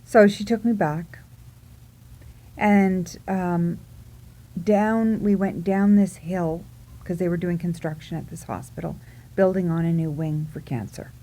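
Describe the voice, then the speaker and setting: A woman vlogger telling a funny personal story in a casual, animated way, giggling and acting out her own reactions. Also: on the low side, unhurried.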